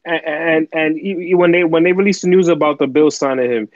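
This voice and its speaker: A man co-hosting a casual sports podcast, making quick, offhand remarks. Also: a little high, fairly even intonation, dull audio, crowd noise. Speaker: podcast co-host.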